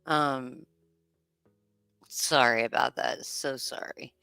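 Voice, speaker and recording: Slow-talking, rambling woman streamer. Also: very deep voice, fairly even intonation, gravelly, bright, forceful tone, clean tone, no room sound, soft background music. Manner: rambling, profane, self-mocking. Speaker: livestream commentary host. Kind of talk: casual livestream chat. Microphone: desk microphone.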